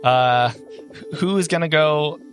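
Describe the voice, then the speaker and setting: A man running a tabletop game, talking loosely through scenes with lots of fillers and asides. His voice sits at an ordinary male pitch, with faint music underneath. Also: slow. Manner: chatty, filler-heavy, laughing. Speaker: game master.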